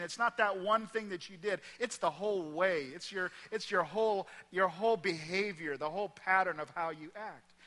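A man's voice: high-pitched, pushed and bright. A middle-aged man with a Midwest American accent preaching a sermon in a large church hall, emphatic and repetitive, sometimes dropping almost to a whisper. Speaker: pastor.

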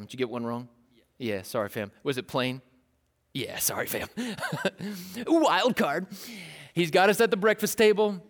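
A pastor giving a casual, joking sermon in a conversational way. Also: male voice, high-pitched.

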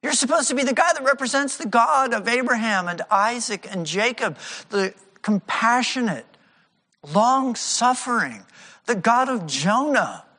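A male pastor preaches with a high, bright, ringing voice that swings widely in pitch. He is animated and slips into the voices of the people he quotes. The sound carries the long reverb of a church hall. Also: unhurried. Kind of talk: sermon.

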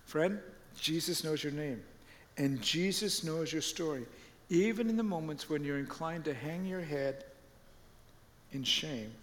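Man, pastor, sermon, animated storytelling, fairly high voice, reverberant space. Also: a little slow.

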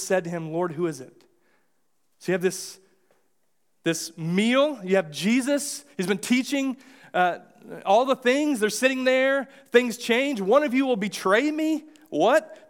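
This pastor, an American man with a high-pitched voice, delivers a sermon in a church sanctuary. He stays relaxed and chatty, frequently restarting sentences and playing out small scenes along the way.

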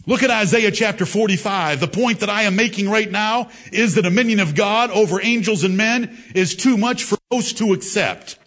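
A high-pitched man preaching a sermon to an assembly that answers him. He reads old scripture with weighty, emphatic stress and slows right down on key phrases. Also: a bit bright. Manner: emphatic King James scripture reading. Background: congregation responses.

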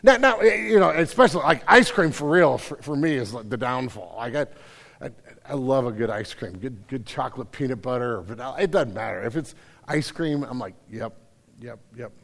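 A man's voice: medium pitch, expressive, brisk, creaky, fairly bright tone, in a large hall. A man preaching a conversational sermon, self-deprecating, with many repeated starts. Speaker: pastor. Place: church hall.

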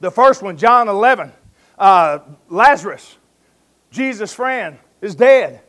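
A man's voice: high voice, lively intonation, slow pace, a bit bright. A man preaching a sermon, telling stories in a folksy way and calling his listeners friend and folks.

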